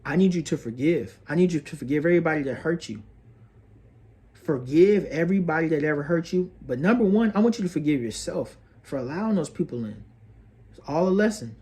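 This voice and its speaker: Guy giving a preachy astrology pep talk, bit higher voice, keeps saying bro and sis. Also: animated, a little fast, a little mellow. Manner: earnest, preachy, repeats phrases, calls listener bro and sis. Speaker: astrology video host. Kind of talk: motivational astrology monologue.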